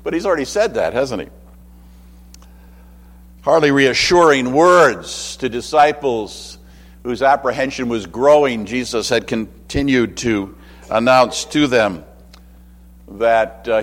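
A man delivers a sermon in a relaxed, conversational manner, dropping in asides and acting out little quotes. His voice sits at a middle pitch. A long hall reverb trails behind each phrase. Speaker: preacher.

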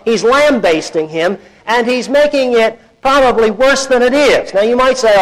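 A man preaching a sermon in a conversational, folksy way, acting out quoted voices with big swings in loudness. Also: low-quality recording. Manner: animated, acts out quoted voices with big swings in pitch and volume. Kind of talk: expository sermon.

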